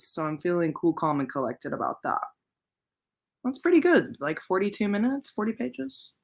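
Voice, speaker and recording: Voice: mid-range voice, fairly bright tone. Chatty, playful readathon livestream host. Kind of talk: casual chat while reading.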